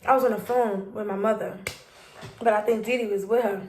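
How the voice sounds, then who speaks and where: A young adult woman from New City, casually telling a rambling, animated story to her vlog viewers. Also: mid-range voice, brisk, slight background noise. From New York City. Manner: animated, rambling retelling with quoted dialogue. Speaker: vlogger.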